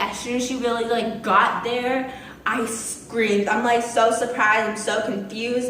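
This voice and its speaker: Young woman, chatty storytime, bright voice, very roomy echo, slightly off-mic, faint hiss. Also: fairly high pitch, recorded from a distance. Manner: chatty, animated, with many fillers. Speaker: vlogger. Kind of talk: casual storytime. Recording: echoey room from off-mic.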